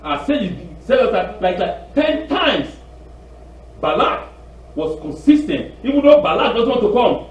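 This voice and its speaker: A man giving an informal sermon on the weekly Torah portion, animated and repetitive, acting out phone calls with a raised voice. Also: very high-pitched, a little slow, far from the mic. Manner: repeats words and restarts often. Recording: echoey room, off-mic, dull sound.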